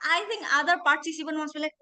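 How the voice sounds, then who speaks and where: Woman lecturer, high and bright, reassuring workshop host on a video call. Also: fast. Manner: warm, reassuring, animated. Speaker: English lecturer leading a workshop. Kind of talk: encouraging teaching.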